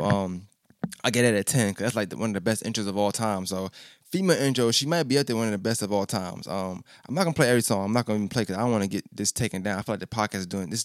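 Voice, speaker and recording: A man with a lowish voice talks through an album review in loose, casual slang, stuttering and circling back on his words. The sound is dry and close, with no room around it. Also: dry recording. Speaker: podcast host reviewing an album. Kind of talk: casual music review chat.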